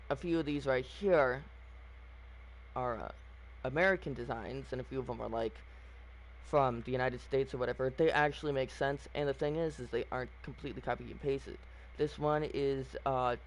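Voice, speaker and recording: A man's voice: medium pitch, a little hiss or hum. A man giving casual, opinionated commentary on a video game, rambling with frequent fillers and restarts. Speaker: gaming channel host.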